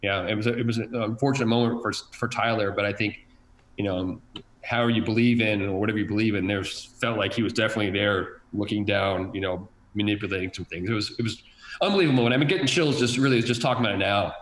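A man who works as a TV sports director tells a story in a casual, halting and reflective way. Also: on the low side, steady tone, a little hiss or hum. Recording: roomy echo.

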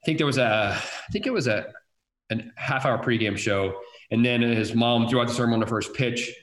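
A man who works as a TV sports director tells a story in a casual, halting and reflective way. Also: medium pitch, fairly bright tone. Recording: roomy echo.

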